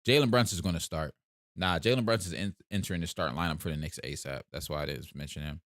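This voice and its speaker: Fast-talking and low-voiced, this young livestream host from South Jersey, USA, answers comments in a laid-back, chatty way with a South Jersey accent. His tone is fairly bright, and the studio recording is clean with no room sound.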